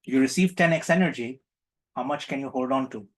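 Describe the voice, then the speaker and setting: Speaking at a fairly quick clip in a mid-range voice, this man runs a group healing session online by video call. His prompting is playful and teacher-like, with the same questions put to the group again and again.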